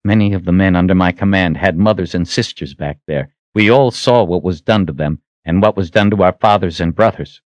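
A man's voice: low voice, brisk, few pauses, no room sound, lo-fi sound, close to an everyday voice. A man playing a resolute young army captain. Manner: earnest, raised and intense delivery.

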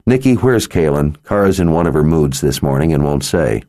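A man's voice: rumbling low, animated, brisk, dark tone. A man voicing an intense young male woodsman hero who speaks urgently and demandingly.

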